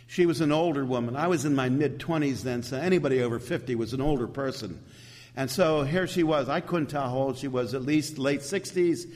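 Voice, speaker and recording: A middle-aged man preaching a sermon, telling a personal story with repeated words and building into recited scripture. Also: medium pitch. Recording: long hall reverb.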